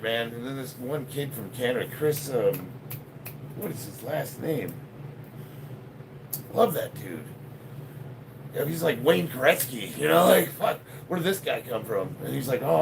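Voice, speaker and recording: A man's voice: medium pitch, vocal fry, slight background noise, poor audio. A man in his fifties from Chicago, chatting casually on a live stream between lifts and reading out viewer comments. He jokes, swears freely and laughs a lot. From Chicago, United States. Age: 50s. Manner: profane, joking, laughs often. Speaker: powerlifter live-streaming a workout.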